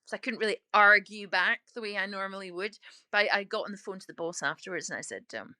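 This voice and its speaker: A Scottish woman in her sixties talking in an interview, emphatic and outspoken with quick laughs. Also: mid-range voice, bright, forceful tone, no echo. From Scotland. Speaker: interviewee, author turned lorry driver. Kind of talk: casual interview talk.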